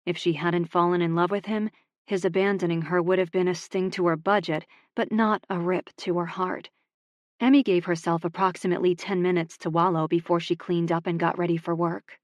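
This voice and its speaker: Low-voiced woman reading a romance. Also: no echo. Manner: steady, measured reading. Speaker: audiobook narrator. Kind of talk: scripted romance narration.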